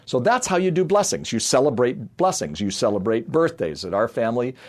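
A man from a youth and family ministry, middle-aged, talks briskly at a medium pitch in a sing-song, darkish voice. He delivers an earnest sermon-style talk rich in personal anecdotes, acting out each quoted voice.

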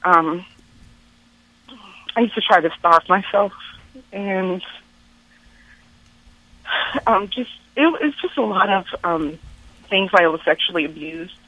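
A woman calling a radio counseling show, speaking haltingly with many fillers and close to tears. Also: on the low side, lively intonation, dry recording. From Texas. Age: adult. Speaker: caller. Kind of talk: call-in radio conversation. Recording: muffled phone-line call.

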